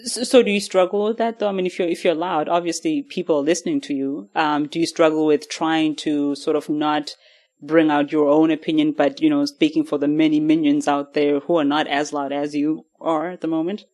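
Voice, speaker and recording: A woman's voice: low voice, fairly even intonation, fairly quick, darkish tone. A woman interviewing her husband on a podcast, playful and a bit hesitant with her questions. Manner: playful, laughing easily, hesitant. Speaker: guest interviewer.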